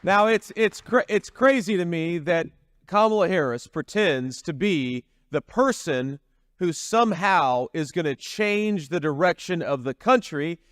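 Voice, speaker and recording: A man's voice: high voice, fairly bright tone, clean tone, dry recording, studio quality. A man giving a campaign rally speech, talking in a folksy, repetitive way with frequent restarts. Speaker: political candidate at a rally.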